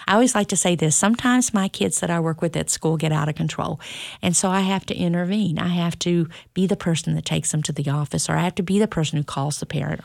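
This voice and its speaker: Middle-aged woman, guest, lively dramatic storyteller; lowish, gravelly voice. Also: no echo, studio quality. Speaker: school staff member and parent, guest. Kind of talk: casual interview chat.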